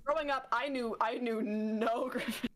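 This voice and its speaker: Animated, foul-mouthed woman streamer. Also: on the high side, moderate pace, a little hiss or hum. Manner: animated, swears a lot, laughs often. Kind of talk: casual chat.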